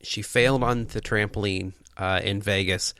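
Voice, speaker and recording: Earnest podcast guy, bright forceful voice, super dry close mic. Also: fairly low pitch, steady tone, moderate pace, no echo. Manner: earnest, enthusiastic, talks in bursts with restarts. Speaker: podcast co-host. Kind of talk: casual podcast chat.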